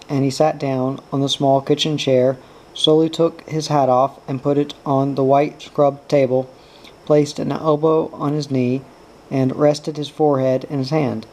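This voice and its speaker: A man narrating a novel aloud in a steady, even way. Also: medium pitch, low-quality recording. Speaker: audiobook reader. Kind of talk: novel reading.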